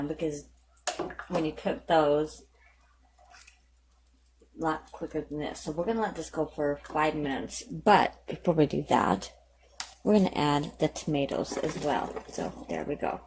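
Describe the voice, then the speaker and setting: A chatty woman talks through a home cooking vlog, rambling and correcting herself as she goes. Her voice sits on the low side, and a faint hiss runs under the recording from her home kitchen. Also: animated, a little slow, pauses often. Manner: rambling, chatty, lots of fillers and self-corrections. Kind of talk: casual cooking vlog chat.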